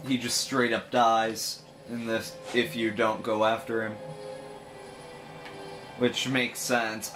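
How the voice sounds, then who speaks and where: A man's voice: mid-range voice, poor audio. A man hosting a gaming channel, giving casual, joking commentary in an offhand way while he plays. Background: game music.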